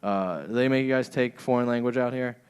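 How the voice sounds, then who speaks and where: A man's voice: medium pitch, fairly quick, a little mellow, clean tone. A young man doing a stand-up set in a comedy club, often laughing at his own jokes.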